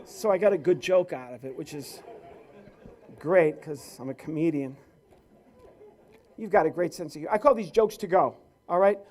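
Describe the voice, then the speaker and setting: Guy doing stand-up at a company event, fairly high voice, playful and lively, chatting with the crowd. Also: moderate pace, long pauses. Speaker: comedian and ventriloquist. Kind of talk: live stand-up comedy with crowd work. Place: stage at a corporate client event.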